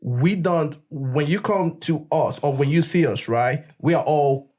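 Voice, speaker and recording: A man's voice: a little high, measured pace, darkish tone. A young man, talking emphatically in casual chat and checking that his listener follows.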